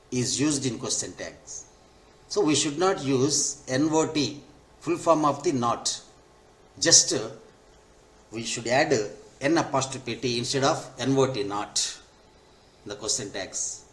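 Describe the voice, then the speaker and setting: A man teaching an English grammar lesson, who repeats each point and spells out the forms step by step. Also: medium pitch. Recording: echoey room.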